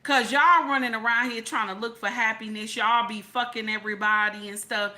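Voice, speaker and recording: A woman's voice: a little high, steady tone, fairly quick, pushed and bright. A middle-aged woman hosting an opinionated livestream, blunt, profane and preachy, greeting her chat as she talks. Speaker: livestream host.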